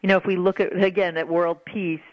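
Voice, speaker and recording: A woman guest on a radio call-in show giving parenting advice in an earnest, animated way. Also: lowish voice, a little fast, dry recording. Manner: earnest, animated, acts out quoted apologies. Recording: dull lo-fi radio broadcast.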